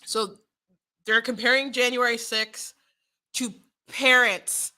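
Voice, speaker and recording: A young woman talks through the day's politics in a loose, chatty way, laughing often and tripping over her restarts. Her voice sits a little high and sounds bright and forceful. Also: steady tone, slow. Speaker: political commentary host. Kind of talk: casual political commentary.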